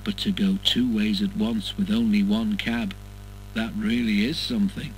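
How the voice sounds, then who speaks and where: A man voicing a sly male engine who mocks another in a soft, hushed voice, in a storybook reading. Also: lowish voice, level tone, normal speed, faint music behind, natural voice, poor audio. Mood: mocking.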